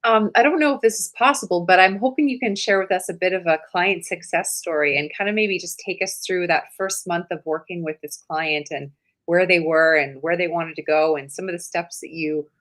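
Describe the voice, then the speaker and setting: A woman hosts an interview podcast and puts questions to her guest in a measured, courteous way. Her voice sits on the lower side. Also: fairly bright tone. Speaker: podcast host.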